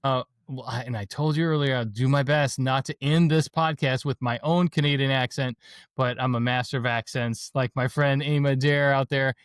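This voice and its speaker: A man's voice: mid-range voice, steady tone, moderate pace, smooth, dry recording, studio quality. A man hosting a podcast, talking to his guest in a chatty, enthusiastic way and addressing listeners as folks. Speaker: podcast host. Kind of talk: casual interview chat.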